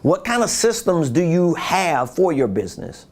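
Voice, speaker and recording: Male business coach, conversational and repetitive, voice sitting a touch high. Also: big pitch swings, normal speed, darkish tone. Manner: conversational, repeats points, rhetorical questions. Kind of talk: casual coaching talk.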